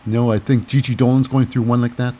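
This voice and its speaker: A man's voice: mid-range voice, level tone, fast, mellow. Rambling, cynical male show host. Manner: rambling, digressive, cynical, lots of fillers. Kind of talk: casual wrestling recap commentary.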